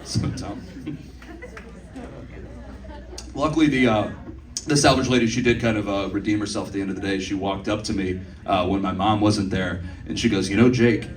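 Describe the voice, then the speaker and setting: A young man in his twenties performs stand-up in a comedy club, his fairly low voice moving at normal speed with fairly even intonation and frequent pauses. He tells loose, profane stories and speaks aside to the crowd as they laugh. The club sound is roomy and distant.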